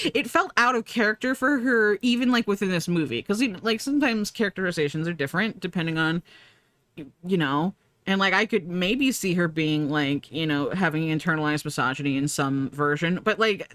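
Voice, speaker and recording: A woman's voice: fairly low pitch, fairly bright tone, dry recording. Rambling, swearing woman streamer, dry sound. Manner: rambling, profane, laughing often. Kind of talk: casual chat.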